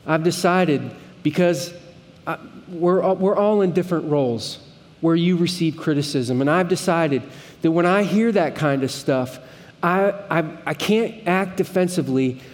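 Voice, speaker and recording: A man's voice: on the high side, unhurried, big-room sound. A man preaching a sermon as pastor, earnest and conversational, with pleading emphasis at times.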